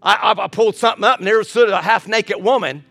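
High-voiced man preaching a sermon. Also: fast, vocal fry, no room sound, soft background music. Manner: preaching with humor and dramatic swings from loud to soft. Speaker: pastor.

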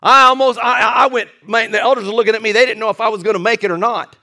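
A male pastor preaching a lively sermon with jokey asides and repeated restarts. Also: sits high, very fast.

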